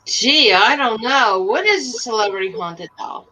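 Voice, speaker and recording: A female co-host of a talk show banters with her partner in a teasing, playful way. Her voice sits fairly high, and it has a bright, sharp edge. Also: expressive, unhurried, slight background noise, rough recording. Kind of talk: casual chat.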